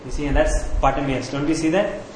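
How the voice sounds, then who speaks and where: A man's voice: on the high side, little pitch movement, fast, a little mellow, slight background noise. A man preaching a sermon, who asks his listeners questions and repeats key phrases. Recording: very echoey room with faint ambience.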